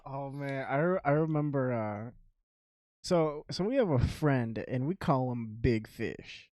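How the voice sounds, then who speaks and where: A man's voice: mid-range voice, lively intonation, a little slow, a little mellow, no echo, studio quality. A young man co-hosting a podcast, telling stories in a laid-back way and laughing as he goes. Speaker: podcast co-host. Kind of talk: casual storytelling.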